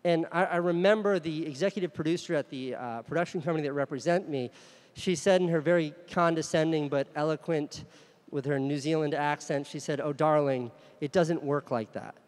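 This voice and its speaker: A man's voice: fairly high pitch, a little fast, a little mellow. Man telling a story in a reverberant hall. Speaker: conference speaker. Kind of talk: candid storytelling keynote.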